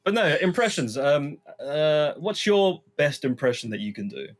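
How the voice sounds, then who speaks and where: A man's voice: on the high side, sing-song, moderate pace. A man co-hosting a comedy podcast in casual chat, laughing often and hedging with fillers. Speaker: podcast co-host.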